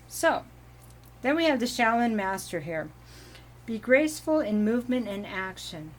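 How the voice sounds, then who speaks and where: A woman giving a casual, meandering tarot reading at home, giggling now and then and clearing her throat from allergies. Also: a little high, lively intonation, normal speed. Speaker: tarot reader.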